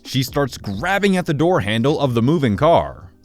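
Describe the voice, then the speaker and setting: A male narrator reading internet stories aloud, his mid-range voice swinging widely in pitch as he tells them. His delivery is lively and expressive, with soft music playing faintly underneath. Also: moderate pace. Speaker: story narrator.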